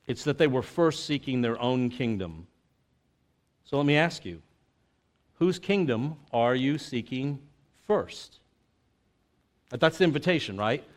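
A pastor preaching a conversational sermon, full of "you know" and "like" fillers, moving between lively asides and quiet, earnest reflection. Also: male voice, medium pitch, a little slow, pauses often.

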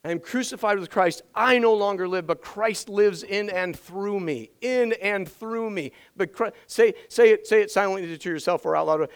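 A man preaching a sermon as pastor, energetic and emphatic, repeating his key phrases, his voice strained from yelling the day before. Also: high voice, normal speed, few pauses, clear, resonant tone, low-quality recording.

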